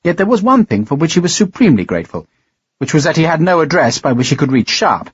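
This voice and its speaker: A man narrating an audiobook in a steady, measured reading. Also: on the high side, husky, no room sound, lo-fi sound. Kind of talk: scripted narration.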